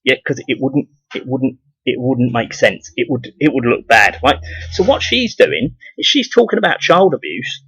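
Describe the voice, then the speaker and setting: A man's voice: medium pitch, sing-song, moderate pace, fairly bright tone, husky, low-quality recording. A man with a southeast English accent delivering a rambling, profane ranting monologue for his video blog, full of repeated restarts. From southeast England. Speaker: video blogger.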